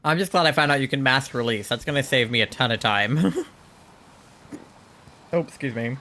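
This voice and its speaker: A man's voice: mid-range voice, lively intonation, fast, pushed and bright, faint music behind. A man streaming a game, chatting casually and rambling, with frequent swearing and lots of "like" and "um". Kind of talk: casual chat while gaming.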